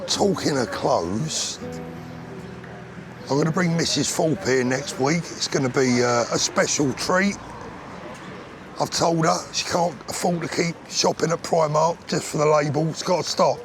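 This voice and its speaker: An English man vlogging outdoors to a handheld camera, joking and rambling in a casual comic way. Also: fairly high pitch. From England. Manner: jokey, rambling, chatty. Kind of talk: casual comedic vlog to camera. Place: busy street outdoors. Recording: outdoor street noise behind.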